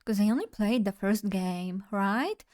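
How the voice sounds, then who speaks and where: Young woman streamer just chatting, playful and goofy, talks to chat a lot, middle pitch. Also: lively intonation, a little slow, a little mellow. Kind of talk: casual live-stream chat.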